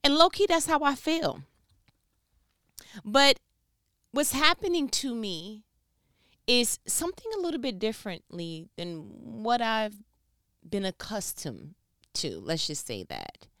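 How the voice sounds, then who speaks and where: An older woman talking at home in a casual faith-based monologue, animated and full of vivid analogies. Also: a little high, slow pace, pauses often, smooth, no echo, clean studio sound. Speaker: vlogger.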